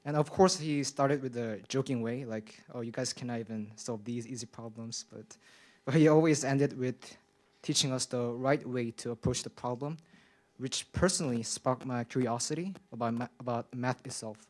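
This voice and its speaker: A young man, a college student whose first language isn't English, nervously reads a prepared public comment at a school board meeting. His mid-range, darkish voice is shaky and moderately paced, full of fillers and restarts.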